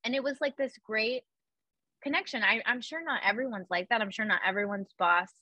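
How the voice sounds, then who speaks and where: Young woman chatting away, lots of "like", bright tense voice, bit muffled. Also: fairly high pitch, brisk, dry recording. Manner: chatty, full of "like" fillers, acts out her own quotes. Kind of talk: casual chat.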